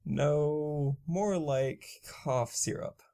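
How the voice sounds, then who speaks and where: A man voicing a brash, laid-back young female vampire pony, speaking in a low-key way. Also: drawn-out words, warm tone. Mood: subdued.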